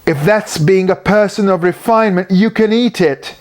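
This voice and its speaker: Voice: mid-range voice, sing-song, slow, pitched above the performer's own voice. A storyteller voicing a greedy male character in a storybook who always wants breakfast and talks with his mouth full. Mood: grumbling.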